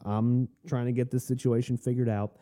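A man's voice: mid-range voice, level tone, moderate pace, mellow. A man hosting a podcast, telling a long anecdote in a rambling, wry, self-deprecating way. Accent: none, non-Southern American. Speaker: podcast host. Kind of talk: casual anecdotal storytelling.

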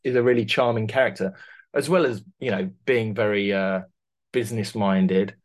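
Male interview guest, low-pitched, rambling and chatty. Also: moderate pace. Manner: rambling, many restarts, laughs through stories. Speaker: costume designer, guest. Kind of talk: casual interview chat.

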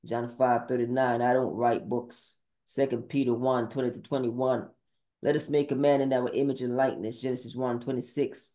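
The speaker is a man, a podcast preacher, whose mid-range voice is warm yet flat as he talks at normal speed. His sermon monologue is a confrontational string of terse Bible verse citations.

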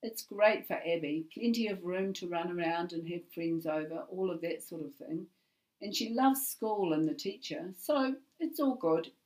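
A woman voicing a gentle, somewhat weary father in a story reading. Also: fairly low pitch, normal speed, lightly acted, poor audio. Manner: gentle, subdued.

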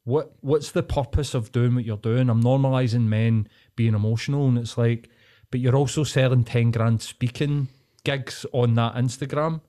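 A man hosting a casual podcast, ranting with lots of swearing and drawn-out pauses. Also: mid-range voice, steady tone, mellow. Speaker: podcast host.

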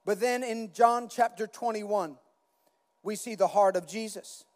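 A man's voice: high-pitched, unhurried, big-room sound. A man preaching a sermon as pastor, earnest, acting out Bible dialogue with rising intensity.

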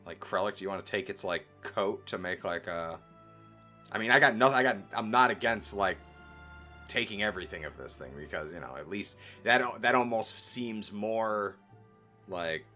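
Low-voiced rambling man at play. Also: expressive, moderate pace, bright, forceful tone, soft background music. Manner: rambling, heavy on "like", swears often. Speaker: player. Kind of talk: casual tabletop game chat.

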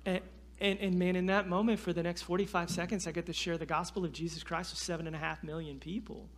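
A man from North Carolina preaches, his voice high and bright. He tells a story with animated, self-deprecating humor. His voice is sharp and forward as he builds to his point. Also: fast talker. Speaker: guest preacher. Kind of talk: storytelling sermon.

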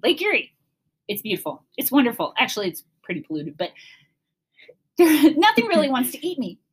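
A woman's voice: on the high side, slightly rough. A middle-aged woman from Cleveland, chatting casually with her daughter and telling family stories with laughter and acted-out panic. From Cleveland, Ohio. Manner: animated, laughing, acts out her own panicked voice. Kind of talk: casual storytelling chat.

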